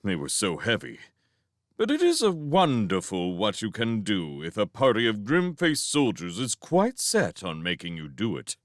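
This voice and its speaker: A man reading a novel aloud as a fan audiobook, with expressive storytelling. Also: fairly low pitch, moderate pace, no room sound, studio quality. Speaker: reader of a novel.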